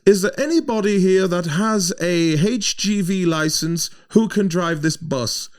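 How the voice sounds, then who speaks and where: Man doing brisk commanding german woman, high and loud, deliberate. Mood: bossy. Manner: high, emphatic, deliberate mimicry. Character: commanding middle-aged German woman taking charge.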